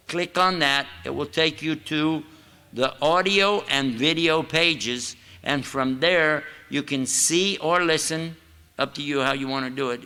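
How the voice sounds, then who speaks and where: An older man from the United States lectures in a mosque with a folksy, joking storyteller's manner. His voice is pitched a little high and sounds very bright and sharp, with a long hall echo behind it. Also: clear, resonant tone. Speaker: Islamic lecturer. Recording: echoey hall.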